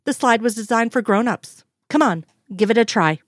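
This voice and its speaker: A woman's voice: fairly high pitch, expressive, moderate pace, no room sound, studio quality, pitched above the performer's own voice. A woman reading a playful teasing Monica Reyes. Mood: coaxing. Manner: coaxing, sing-song teasing. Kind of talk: audiobook reading.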